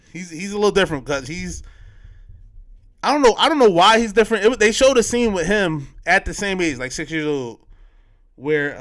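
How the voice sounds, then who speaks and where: A man's voice: a little high, fairly bright tone. A man hosting a podcast, recapping a film in loose, slangy casual chat, full of fillers and restarts. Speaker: podcast host.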